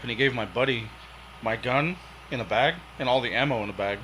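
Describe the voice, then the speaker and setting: A man chats as a podcast guest, relaxed and freely profane. His voice has a middle pitch and a bright, forceful tone. A faint noise runs behind him. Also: brisk, rough recording. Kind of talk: casual chat.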